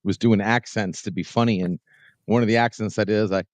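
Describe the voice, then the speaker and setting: A man's voice: fairly low pitch, steady tone, brisk, no echo, dull audio. A man chatting casually on a live-stream voice call, joking and restarting his words.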